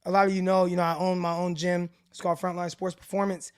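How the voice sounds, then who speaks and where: A man hosting a casual sports livestream, his voice fairly high for a man. He talks in loose, rambling bursts and keeps restarting his sentences, and the sound is close and dry. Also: level tone, quick pace, smooth, no room sound. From Stockton, California. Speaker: sports show host.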